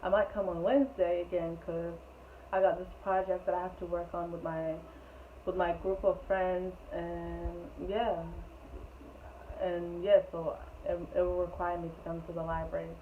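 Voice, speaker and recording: A woman's voice: fairly low pitch, flat delivery, normal speed. A young woman chatting through a rambling storytime, laughing often as she tells it. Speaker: storytelling vlogger. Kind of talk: casual storytime. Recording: tinny phone-like sound with faint noise.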